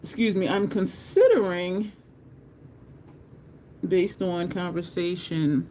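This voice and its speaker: A woman hosting a makeup livestream from home, talking slowly and rambling while she greets viewers from the chat. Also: lowish voice, dark tone, slight background noise.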